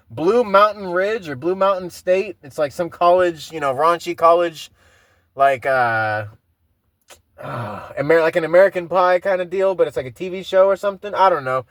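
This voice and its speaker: A man's voice: high-pitched, normal speed, a bit bright, no room sound. A man hosting a casual solo podcast, telling rambling, profane stories and laughing often. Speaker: podcast host.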